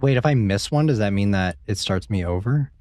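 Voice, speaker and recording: Low-voiced man in casual game commentary. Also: lively intonation, a little fast, darkish tone, dry recording. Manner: chatty, swears freely, talks to chat. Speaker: gaming streamer. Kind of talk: casual let's-play commentary.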